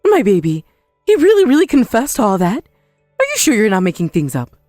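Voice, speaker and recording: A woman's voice: a little high, huge pitch swings, darkish tone, no room sound, studio quality, soft background music. A woman voicing a shameless older mother-in-law who blames everyone but herself, in a dramatized story. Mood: pleading. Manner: defiant, self-pitying, quick to blame.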